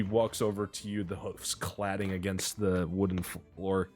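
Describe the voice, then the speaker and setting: A man's voice: low-pitched, little pitch movement, unhurried, few pauses, darkish tone. A man narrating as game master, rambling and self-mocking with many fillers. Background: pirate music.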